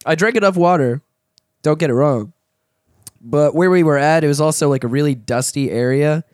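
A man's voice: a little high, moderate pace, dry recording, clean studio sound. A man hosting a casual podcast, sniffling from a cold, talking in a loose, profane way and laughing often. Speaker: podcast host.

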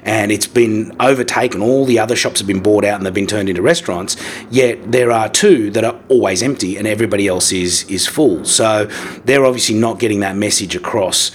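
A man co-hosting a podcast, making thoughtful, measured remarks before turning to his guest with a question. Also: lowish voice, slight background noise. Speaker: podcast co-host. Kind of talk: conversational podcast talk.

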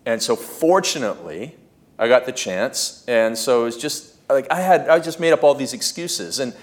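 A man appears as a podcast guest and entrepreneurship coach, animatedly telling stories in a casual interview and acting out his own quotes, other people's words, and even screams. His voice is mid-range and he speaks at a normal speed.

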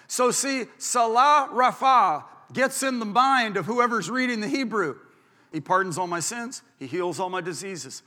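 A man's voice: sits high, animated, a little slow, bright, forceful tone. A male pastor preaching a sermon, emphatic and drawing out key words for weight. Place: church auditorium. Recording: reverberant hall.

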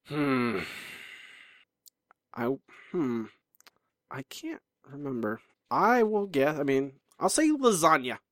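A man's voice: fairly high pitch, big pitch swings, slow pace, long pauses, fairly bright tone, no echo, studio quality. Teasing, self-deprecating podcast co-host man. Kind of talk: casual chat.

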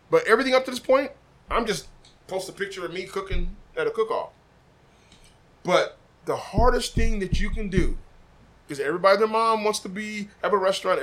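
This is a pitmaster from Des Moines in a casual podcast chat, telling a story with lots of energy. He acts out the dialogue as he goes, and his voice sits a bit high for a man. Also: fairly bright tone. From Des Moines, Iowa. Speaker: podcast guest, barbecue pitmaster. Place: room above a butcher shop.

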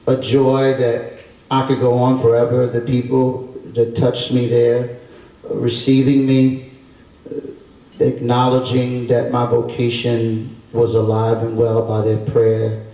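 A middle-aged man from Baltimore, a priest, telling a lively testimony to a congregation and acting out the voices of people in his stories. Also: mid-range voice. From Baltimore, Maryland. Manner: animated storyteller, acting out voices with laughter. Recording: echoey room, distant mic.

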